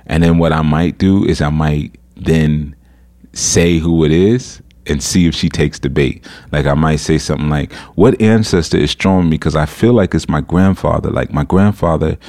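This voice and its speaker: A man hosting a podcast, telling a story in a casual, animated way, incredulous and laughing at times. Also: rumbling low, normal speed. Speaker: podcast host.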